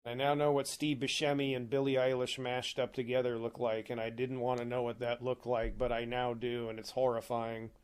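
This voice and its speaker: A man's voice: medium pitch, flat delivery, normal speed, hardly any pauses, clean tone. A man hosting a livestream from his apartment home office, ranting heatedly and swearing constantly into a desk microphone. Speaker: livestream host. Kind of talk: angry livestream rant.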